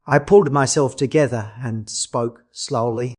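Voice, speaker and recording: A man reading a classic novel as an audiobook narrator in a measured, dramatic way. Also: mid-range voice, animated.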